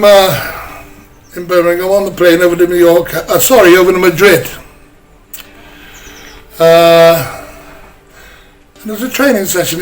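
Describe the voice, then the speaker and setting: A man's voice: high-pitched, low-quality recording. An older English man, a former footballer, telling chatty anecdotes in an interview and slipping into other people's voices. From England. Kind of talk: casual storytelling interview.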